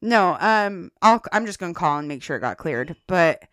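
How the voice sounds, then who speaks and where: This woman co-hosts a podcast and speaks at a moderate pace in a voice on the low side. Chatting casually, she tells a personal story with lots of animation and laughter, calling the audience "guys."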